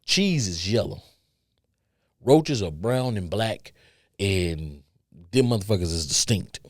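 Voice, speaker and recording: A man's voice: on the low side, lively intonation, takes it slowly, no room sound, studio quality. A man hosting a podcast, telling a story in casual chat that rambles and repeats, with stutters, restarts and free swearing. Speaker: podcast host.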